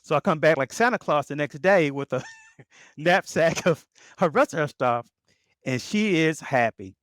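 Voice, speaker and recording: A middle-aged man from Baltimore tells stories from his years on the police force in a fairly high voice. He brings each scene to life by playing the people he quotes. The recording is close and dry, with no room sound. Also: a little slow, no echo. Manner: animated storyteller who acts out quoted voices. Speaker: guest, author and former police officer. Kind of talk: storytelling in a podcast interview.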